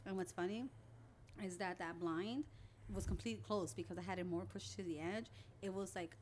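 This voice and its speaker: A woman's voice: lowish voice, fairly even intonation, fairly quick, darkish tone, a little hiss or hum. Chatty young woman retelling stories. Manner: chatty, retells conversations with "I was like". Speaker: guest, older sister. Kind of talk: casual storytelling interview.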